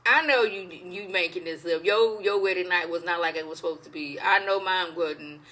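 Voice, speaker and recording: A woman's voice: on the low side, moderate pace, sharp tone, rough recording. A woman voicing a worldly noblewoman who speaks frankly and confidingly. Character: worldly older noblewoman, candid and protective.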